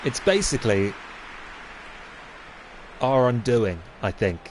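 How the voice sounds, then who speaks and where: A man's voice: medium pitch, sing-song, slow pace, slight background noise. A young man doing comic commentary over a football game, playing a mock-serious pundit who rants and gets indignant.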